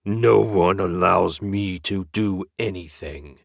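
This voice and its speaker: A man voicing a cold, commanding male dragon in an audiobook, speaking slowly and with threat. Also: deep voice, vocal fry, no room sound, clean studio sound, exaggerated voice. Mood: menacing. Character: commanding, menacing male dragon in human form. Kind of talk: audiobook character voice.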